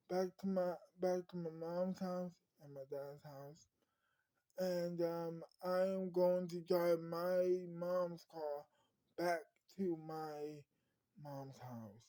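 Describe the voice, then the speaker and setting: A woman's voice: lowish voice, mellow, rough recording. Woman doing a rambling young car buyer. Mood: instructing. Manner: rambling, repeating herself. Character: young woman buying her first car.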